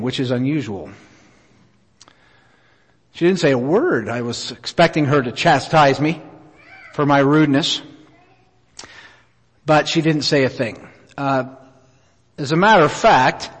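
A middle-aged man preaching a sermon, telling a personal story in an earnest, unhurried way with many pauses. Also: a little high, breathy edge. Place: church auditorium. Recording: reverberant hall.

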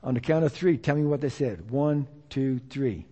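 A man's voice: mid-range voice, moderate pace, dark tone, in a large hall. A man preaching a sermon in a church, emphatic and repetitive, building his points as a call and response with the congregation.

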